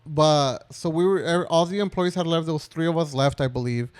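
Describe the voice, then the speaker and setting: A man's voice: a little high, fairly quick, clean tone, dry recording. A young man in his twenties, co-hosting a podcast, telling a personal story in a casual, rambling way with many fillers. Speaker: podcast co-host.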